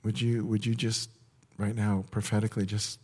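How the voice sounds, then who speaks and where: A male pastor preaching a live sermon at a church service, conversational and digressive, with quick asides. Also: lowish voice, level tone, a little mellow.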